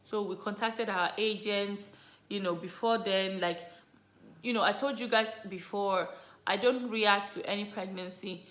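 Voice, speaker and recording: A woman vlogger casually telling viewers her story, chatty and animated, full of "you know" and "like". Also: mid-range voice, a little slow. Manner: animated, lively retelling. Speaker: vlogger, mother sharing her birth story. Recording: roomy echo.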